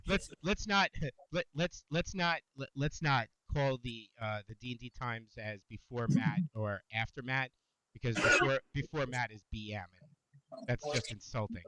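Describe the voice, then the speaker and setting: A man co-hosting a casual gaming talk show, measured and wry, calming the others' arguments. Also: medium pitch. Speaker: podcast co-host. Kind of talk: casual chat among friends.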